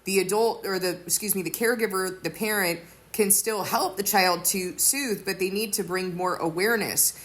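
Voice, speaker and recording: A woman's voice: medium pitch, a bit bright. A woman giving an earnest sermon-style teaching, explaining with everyday examples. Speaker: teacher of a faith community.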